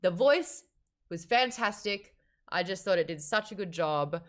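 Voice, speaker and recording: A book club host with a lower-pitched voice that swings wide with excitement. She talks in a loose, casual way, swearing freely and laughing often. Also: measured pace. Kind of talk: casual chat.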